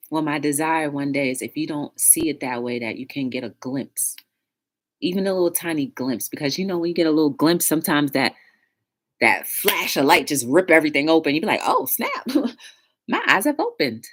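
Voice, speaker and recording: A woman's voice: sits low, a little fast. Chatty woman hosting a livestream. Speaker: livestream talk show host. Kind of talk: casual livestream chat.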